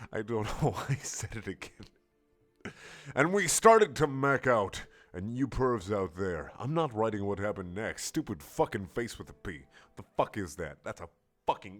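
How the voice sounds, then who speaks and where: A sarcastic young man mocks a fan story as he reads, exasperated and crude. His voice is bright, with a lot of pitch movement. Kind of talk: comedic dramatic reading.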